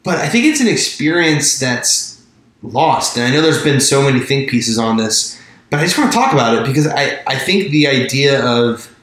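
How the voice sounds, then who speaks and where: A man's voice: medium pitch, lively intonation, moderate pace, a bit bright. A man from the Mid-Atlantic United States, co-hosting a casual podcast chat, rambling and breaking off his own sentences with the odd laugh. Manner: rambling, self-interrupting, laughs often. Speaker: podcast co-host. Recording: very echoey room.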